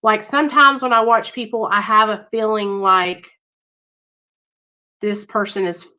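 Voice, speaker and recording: A woman's voice: mid-range voice, fairly even intonation, measured pace, sharp tone, poor audio. A woman chatting casually on a livestream, reading out viewer names and talking earnestly and emphatically. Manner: talks straight to viewers, reads chat names, earnest and emphatic. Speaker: livestream host.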